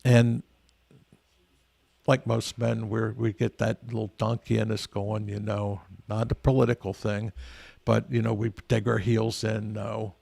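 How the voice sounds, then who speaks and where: A man's voice: fairly low pitch, flat delivery, unhurried, vocal fry, a little mellow, no echo. An older man, a veteran guest, telling stories in a rambling, earnest way with frequent restarts. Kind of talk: casual storytelling interview.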